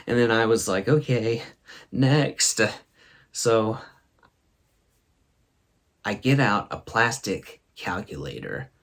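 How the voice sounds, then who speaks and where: Guy hosting his own show, telling stories slow and chuckling, voice goes up and down a lot. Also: on the low side, animated, fairly bright tone. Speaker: host. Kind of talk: comic storytelling to camera.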